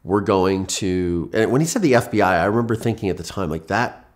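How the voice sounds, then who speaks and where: A man from Ohio recounts a personal story in earnest, vivid detail. His voice sits deep and low. He often restarts phrases as he talks. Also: big pitch swings, fast. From Ohio, USA. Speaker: guest.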